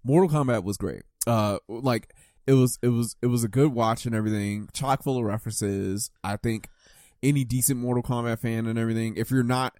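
A man's voice: medium pitch, fairly quick, no room sound, clean studio sound. Laughing, rambling man reviewing a movie. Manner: animated, laughs often, rambling with many "like"s. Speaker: podcast co-host. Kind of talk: casual movie review chat.

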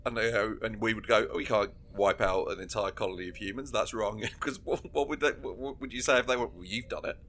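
A man's voice: lowish voice, a little fast, hardly any pauses, a bit bright, a little hiss or hum. A man co-hosting a casual podcast chat, laughing often and acting out scenes as he retells them. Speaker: podcast co-host.

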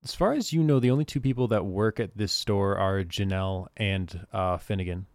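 A man narrating a tabletop game as game master, in a relaxed, casual way. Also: fairly low pitch, moderate pace, no room sound, clean studio sound.

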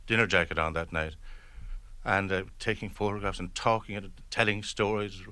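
A man's voice: sits low, moderate pace, pushed and bright, smooth, dry recording. A man reminiscing in an interview, telling anecdotes with hesitant restarts.

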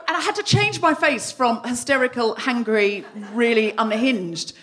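Animated high-voiced woman telling a comic story. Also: normal speed, hardly any pauses. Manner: animated, self-mocking, acts out her own shouting. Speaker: comedy podcast host. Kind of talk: live stand-up storytelling. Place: live venue before an audience.

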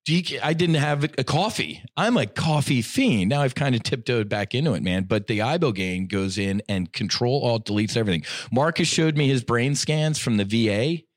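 A middle-aged man telling a personal story in casual podcast talk. He is animated and slangy, and his voice swings between loud bursts and hushed asides. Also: mid-range voice, normal speed, hardly any pauses, dry recording, clean studio sound. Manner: slangy, says "dude" and "I'm like". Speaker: podcast guest.

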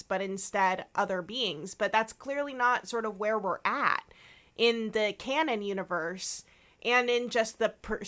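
A woman's voice: mid-range voice, sharp tone. A woman co-hosting a podcast, chatting casually as she retells an episode scene by scene. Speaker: podcast co-host. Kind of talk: casual chat recapping a TV episode.

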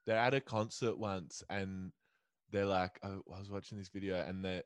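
A man's voice: low voice, flat delivery, normal speed, clean tone, no echo. A man co-hosting a podcast, telling stories in a laid-back, swearing, laughing casual chat. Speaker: podcast co-host.

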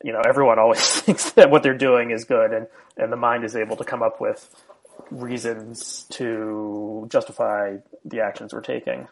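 A man hosting a podcast, talking in a relaxed, rambling way with fillers. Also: medium pitch, moderate pace, creaky. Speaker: podcast host. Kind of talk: casual conversation.

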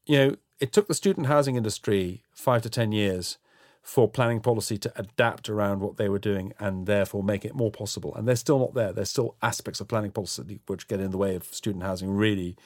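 A middle-aged man with a somewhat low voice speaks frankly and thoughtfully, often restarting his phrases as he works out what to say. The recording is dry and close, with no room sound. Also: no room sound. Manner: frank, measured, with frequent restarts. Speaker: interview guest, housing developer. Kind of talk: reflective interview answers.

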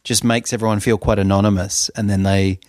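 A man's voice: on the low side, level tone, brisk, darkish tone, no room sound, clean studio sound. A man from Australia, co-hosting a podcast and telling anecdotes in a chatty, self-interrupting way. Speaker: podcast co-host. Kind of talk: casual chat.

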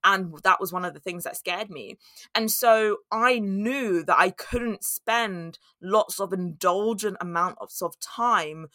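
A woman's voice: medium pitch, slow, bright, forceful tone, no echo, studio quality. A woman, hosting a podcast and talking through her own story in a candid, storytelling way. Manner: candid and storytelling, with laughs and acted-out inner voices. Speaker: podcast host. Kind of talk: reflective solo talk.

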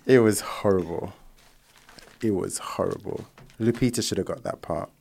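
A man's voice: deep voice, moderate pace, gravelly, a little mellow, slight background noise. A man guest in casual podcast chat, blunt and emphatic and swearing freely.

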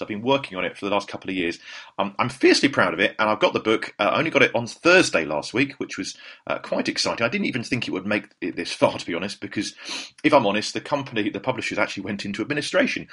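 Male podcast host, lowish husky voice, quick and lively, rambling chat. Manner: rambling, self-deprecating storytelling. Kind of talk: casual chatty monologue.

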